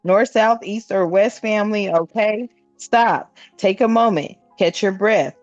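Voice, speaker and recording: A woman's voice: medium pitch, measured pace, dry recording, dull audio, faint music behind. A woman giving a casual spiritual card reading, laughing often and calling her viewers family. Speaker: spiritual reader.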